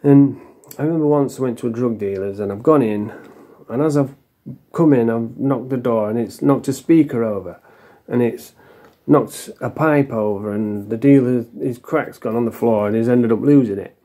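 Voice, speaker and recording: A man's voice: mid-range voice, normal speed, dark tone. A man telling a personal story to camera in a blunt, sweary, frank way. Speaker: vlogger. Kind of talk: casual storytelling monologue.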